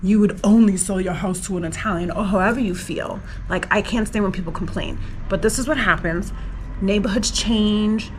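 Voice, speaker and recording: A woman's voice: medium pitch, moderate pace, a little hiss or hum, poor audio. Chatty New woman vlogger. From New York, USA. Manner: emotional, rambling, lots of "like" fillers. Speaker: travel vlogger. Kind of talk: casual personal vlog.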